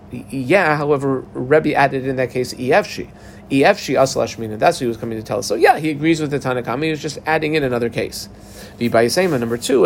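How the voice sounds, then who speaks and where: A man teaching a Talmud class in a casual, animated way, acting out the voices of the people in the case. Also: fairly high pitch, creaky, a little hiss or hum. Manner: animated, acts out the parties in a dialogue.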